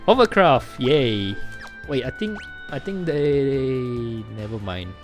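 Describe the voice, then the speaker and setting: A man's voice: mid-range voice, expressive, slow pace, soft background music. A man streaming a video game, making casual joking asides and laughing at the story.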